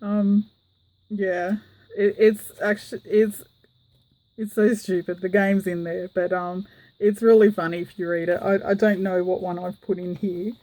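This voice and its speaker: In a relaxed show-and-tell, a woman presents her handmade journal to the camera, chatting, giggling and dropping frequent fillers. She speaks unhurriedly with a medium pitch and flat, mellow delivery, captured on a rough recording.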